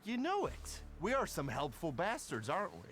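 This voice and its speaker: An actor playing a gruff, loyal middle-aged gang boss in a video game, swaggering and nostalgic. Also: male voice, on the high side, huge pitch swings, moderate pace, crowd noise. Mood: jovial.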